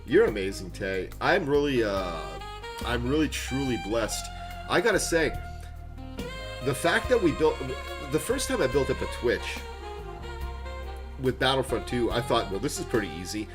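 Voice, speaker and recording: Closing out a livestream, a man in his thirties talks warmly to his viewers, rambling, repeating himself, and growing emotional. His mid-range voice swings widely in pitch, with a measured pace and long pauses; guitar music plays behind his desk mic.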